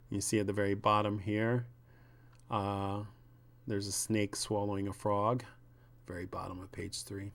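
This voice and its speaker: A man reading aloud from a comic and commenting on it in a slow, musing way. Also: on the low side. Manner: slow, musing, with ums and asides. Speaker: comics reviewer.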